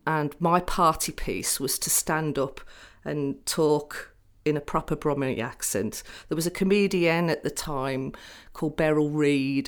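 A woman's voice: low-pitched, clean tone. An older woman with a Birmingham accent, first carefully reading a set passage aloud and then chatting about her upbringing. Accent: Birmingham English. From Birmingham, England. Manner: measured, careful reading; chatty when recalling.

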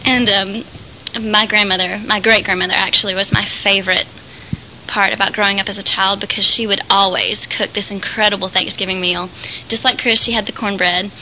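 A young woman around twenty from Alabama with a faint Southern accent and a clear, trained voice, chatting lightly about her life. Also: mid-range voice, flat delivery, fairly quick, bright, forceful tone, slight background noise, rough recording. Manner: chatty, light, laughs easily. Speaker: theater student. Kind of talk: casual personal talk.

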